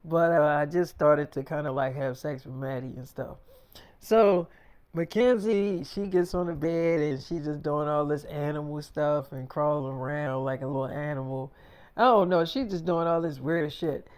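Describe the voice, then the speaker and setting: A man's voice: on the high side, moderate pace, a little mellow, clean tone. A man telling a story in a casual freestyle, slangy and boastful, looping back with repeated phrases.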